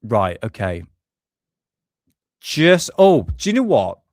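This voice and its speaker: A man's voice: mid-range voice, wildly swooping pitch, takes it slowly, a little mellow, no echo. A man hosting a live stream, talking casually and ranting with swear words.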